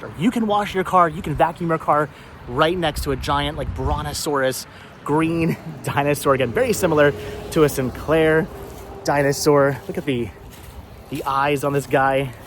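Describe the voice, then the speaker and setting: An eager male vlogger with a slightly high voice narrates casually at normal speed outdoors at a roadside car wash. He's enthusiastic, repeats himself and laughs often, while faint traffic and honking sound in the background.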